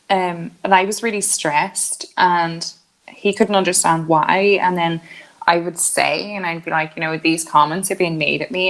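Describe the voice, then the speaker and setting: A woman, co-hosting a podcast and telling a story in casual chat, acting out the lines of the people in it. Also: fairly low pitch. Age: 20s. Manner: storytelling, acting out quotes, laughing often. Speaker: podcast co-host.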